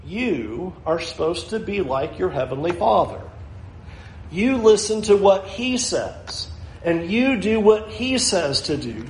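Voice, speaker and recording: A man's voice: high-pitched, echoey room, poor audio. A male pastor preaching a sermon, earnest and building to emphatic challenges.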